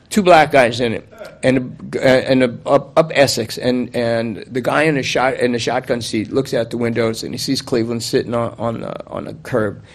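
A man telling a story aloud in a loose, conversational way, with plenty of fillers and restarts. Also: medium pitch. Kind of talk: spoken storytelling monologue.

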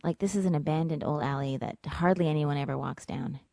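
A woman telling a personal story in vivid, dramatic fashion, dropping to a hush and rising again. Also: sits low, fairly quick, creaky, no room sound. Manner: vivid, dramatic, ranging from hushed to loud.

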